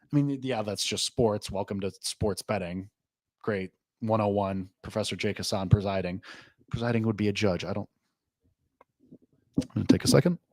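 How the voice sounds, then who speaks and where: A man hosting a live sports betting reaction show, talking loosely and rambling, full of "like", with excitable jumps and low asides. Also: normal speed, long pauses, no room sound. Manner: rambling, loose, heavy use of "like"; excitable swings between lively and low asides. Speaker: host.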